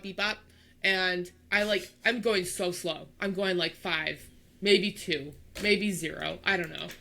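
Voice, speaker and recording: Young woman podcast co-host, bright tone, animated storyteller. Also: mid-range voice. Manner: animated storyteller, acts out voices, laughs. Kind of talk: casual storytelling chat.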